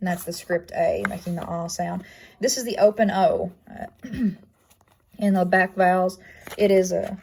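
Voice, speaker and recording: A woman's voice: fairly low pitch, creaky, a little mellow. A young woman giving a class project presentation, speaking plainly with frequent ums and uhs. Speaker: student presenter.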